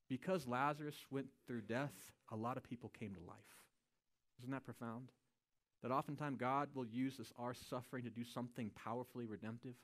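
A male pastor delivers his sermon in an easygoing, conversational manner. His voice sits at an ordinary middle pitch, and he keeps checking in with the listeners with a quick "right?". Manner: casual and conversational, often adds a questioning "right?".

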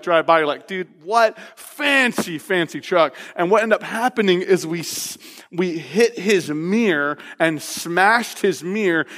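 A male pastor preaching a sermon, telling a personal story in an animated, laughing, casual way before moving into scripture. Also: sits high. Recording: long reverb of a large hall.

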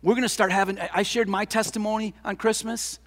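An older man preaching a sermon as pastor, impassioned, with rhetorical questions, swinging between loud lines and hushed ones. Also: high-pitched, little pitch movement, fast. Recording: long hall reverb.

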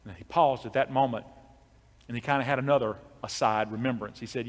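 A pastor telling a long story in a sermon, in a conversational way with many restarts. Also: male voice, mid-range voice, steady tone, fairly quick, long reverb tail.

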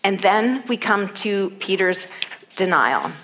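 A woman's voice: mid-range voice, sing-song, takes it slowly, fairly bright tone, a little hiss or hum. A woman preaching a sermon and reading scripture, earnest and emphatic, repeating key phrases for weight.

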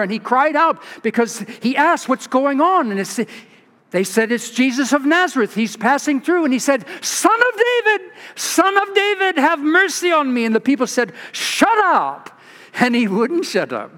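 High-voiced pastor preaching in a reverberant church. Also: male voice. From California. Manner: expressive storytelling, with restarts and asides. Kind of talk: sermon. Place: large church.

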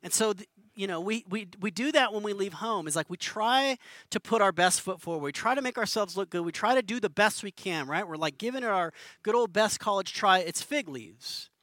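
A man's voice: high-pitched, fairly quick, pushed and bright, no echo. A man preaching a conversational sermon as pastor, earnest and informal, often restarting and repeating words.

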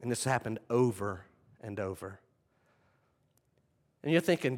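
A man's voice: mid-range voice, lively intonation, normal speed, pauses often, a little mellow. A man preaching a sermon, retelling scenes dramatically and acting out the voices of the people in them. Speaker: pastor.

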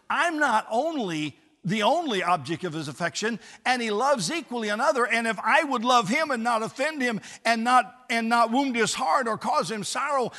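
A man preaching a sermon as pastor. He pleads earnestly and grows gradually quieter and gentler toward the end. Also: very high-pitched. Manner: impassioned, then softening to a hushed close. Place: church sanctuary. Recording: church sanctuary with long reverb.

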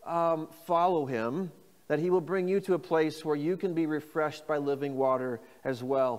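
Pastor guy preaching slow and deliberate, fairly high voice, long church reverb. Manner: slow, deliberate reading of scripture phrases; invites congregation to repeat lines. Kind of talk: sermon.

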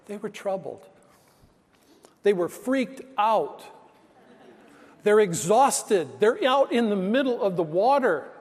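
A man's voice: high-pitched, lively intonation, slow, long reverb tail. A male pastor preaching a sermon, telling stories in an emphatic, conversational way.

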